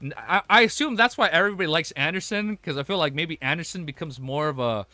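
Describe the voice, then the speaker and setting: Bright, excitable young male streamer. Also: fairly high pitch, fast talker, dry recording, faint music behind. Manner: excitable, slangy and profane, breaking off to react. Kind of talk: reading a web novel aloud and reacting live.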